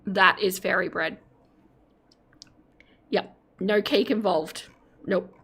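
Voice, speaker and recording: An Australian woman in her forties chats casually with her live-stream audience, giggling and breaking into laughter often. Her mid-range voice is slightly rough and a bit bright, with fairly even intonation and a slow pace.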